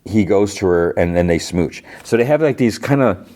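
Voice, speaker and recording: A man's voice: lowish voice, lively intonation, normal speed, warm tone. A man hosting a podcast, casually recapping a TV episode in a loose, filler-heavy way. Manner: rambling, filler-heavy retelling with many "like" and "you know". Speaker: podcast host.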